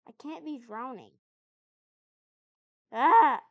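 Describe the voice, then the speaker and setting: High-voiced woman narrating her gameplay. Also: lively intonation, moderate pace, dry recording, narrow, tinny audio. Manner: chatty, puzzled, talks back to the game. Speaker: gamer. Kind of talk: let's-play commentary.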